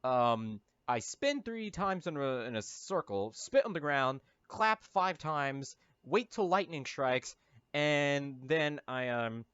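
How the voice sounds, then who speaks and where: A man's voice: a little high, animated, slow pace, fairly bright tone, smooth, dry recording. A man giving rambling, jokey movie-riffing commentary as a YouTuber, full of silly asides and stumbling fillers. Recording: dull lo-fi sound, dry.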